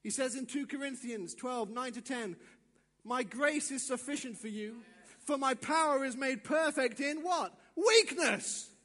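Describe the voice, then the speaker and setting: A male pastor giving a sermon, acting out little dialogues and swinging from quiet asides to shouts. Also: very high voice, moderate pace, big-room sound.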